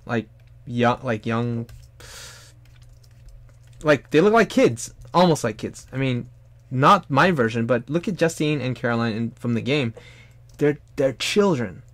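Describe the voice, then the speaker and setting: A young man rambles casually over his drawing stream, shifting between easygoing talk and sudden loud, high-pitched exclamations. His mid-range voice is picked up close on a desk mic in a dry, dead room. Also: no room sound. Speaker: streamer and artist.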